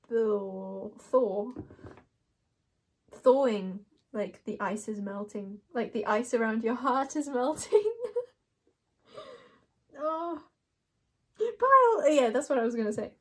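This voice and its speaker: Young woman, slightly high voice, playful rambling card reader, lots of giggles. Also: darkish tone. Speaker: tarot reader. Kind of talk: casual card reading chat.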